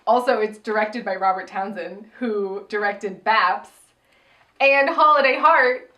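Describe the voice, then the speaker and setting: A young woman co-hosting a casual podcast, talking in a gossipy, animated way and often slipping into quick impressions of other people. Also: mid-range voice. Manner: gossipy, animated, quotes others in put-on voices. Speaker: podcast co-host. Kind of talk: casual chat.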